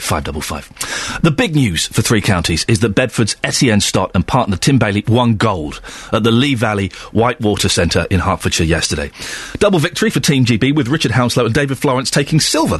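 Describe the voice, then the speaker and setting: A man presenting a chatty local radio phone-in, animated and full of stammering restarts. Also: fairly low pitch, breathy edge, dry recording.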